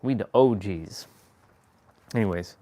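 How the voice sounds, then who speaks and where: A man's voice: on the low side, unhurried, mellow. A man hosting a live stream, chatting casually in a rambling, slangy way with chuckling asides. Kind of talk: casual chat.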